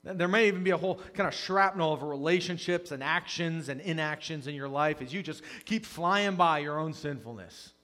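A man preaching a conversational sermon as a pastor, earnest, dropping to hushed confession and rising to loud emphasis. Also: a little high, fairly quick, few pauses. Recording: long reverb of a large hall.

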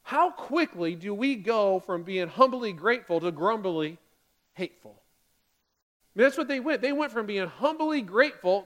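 Playful and animated, this male pastor's high voice carries his sermon to the church as he imitates the complaining Israelites in rapid, excited bursts.

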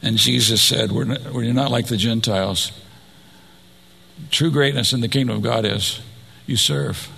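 A man's voice: mid-range voice, creaky, sharp tone, breathy edge. A man preaching a sermon, asking the listeners rhetorical questions and adding personal asides.

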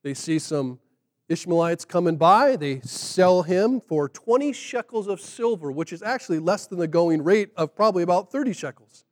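High-voiced male preacher, conversational. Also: moderate pace, big-room sound. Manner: conversational, animated retelling with acted quotes. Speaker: pastor. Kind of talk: sermon.

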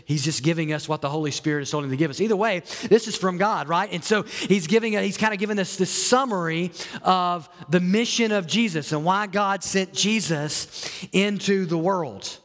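High-voiced pastor preaching in a reverberant hall. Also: male voice, moderate pace, a bit bright. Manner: earnest, repeats words and restarts often. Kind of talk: sermon.

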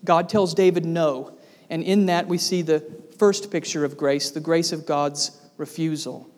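A man with a notably high voice preaching a sermon, his words trailing off into the long reverb of a large hall. He talks emphatically and asks the congregation rhetorical questions. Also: steady tone, measured pace, a little mellow.

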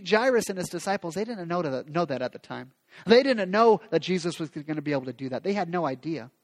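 Male pastor, sermon, high voice, impassioned, long hall reverb. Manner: impassioned preaching, acting out quoted prayers.

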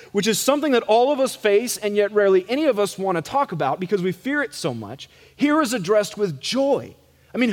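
High-voiced pastor preaching in a reverberant church. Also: male voice. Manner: conversational, self-deprecating preaching. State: some gray hair. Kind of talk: sermon. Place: church sanctuary. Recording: church live stream with long reverb.

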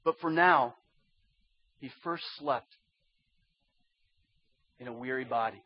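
Husky pastor guy preaching, goes quiet then loud, kinda muffled lo-fi recording. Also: medium pitch, slow, no echo. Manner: swings from hushed to loud pleading. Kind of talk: sermon.

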